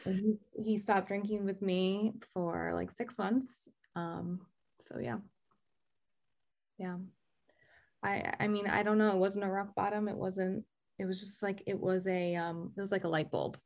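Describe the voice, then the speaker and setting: Woman telling a halting personal story. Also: medium pitch, fairly even intonation, a little mellow. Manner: halting, with many fillers and restarts. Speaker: guest sharing recovery story.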